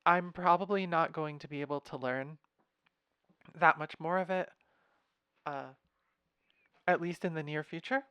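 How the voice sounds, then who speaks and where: A young man casually walking through his music software patch, thinking aloud with fillers and wry asides, recorded at his computer. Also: a little high, a little slow, long pauses, clean tone, no echo, muffled recording. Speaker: music software tutorial host. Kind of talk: casual screen-share walkthrough.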